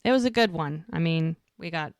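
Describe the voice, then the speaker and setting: A woman co-hosting a podcast with a smooth, clear, slightly low voice. She chats casually and retells scenes in an animated way, playing out each character's lines. The sound is dry and close. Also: brisk, no echo. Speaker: podcast co-host. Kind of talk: casual recap chat.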